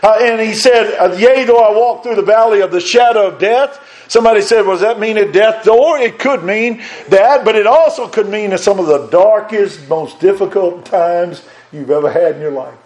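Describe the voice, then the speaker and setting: Fervent high-voiced preacher. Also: male voice, normal speed, few pauses. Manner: fervent, swinging between loud and hushed. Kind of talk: sermon.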